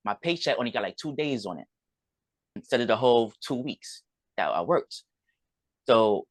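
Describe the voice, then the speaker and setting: A man's voice: medium pitch, no room sound. A man, a podcast guest, tells a personal story in rambling conversation, often acting out what others said. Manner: rambling, recounts events with quoted dialogue.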